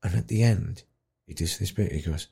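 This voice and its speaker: Husky low-voiced storyteller. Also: male voice, moderate pace. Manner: animated storyteller, acts out voices, drops to quiet. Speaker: guest, dementia campaigner. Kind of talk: storytelling in conversation.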